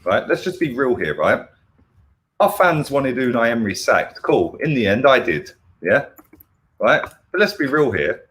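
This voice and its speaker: A football fan channel host rants angrily through a heated football chat, swearing and constantly tagging "yeah? right?" onto his points. His voice is medium-pitched and a bit bright, very animated, at a measured pace.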